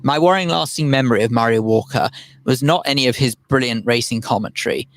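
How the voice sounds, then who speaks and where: A man's voice: mid-range voice, fast talker, dry recording. A man co-hosting a casual radio chat show, wry and conversational.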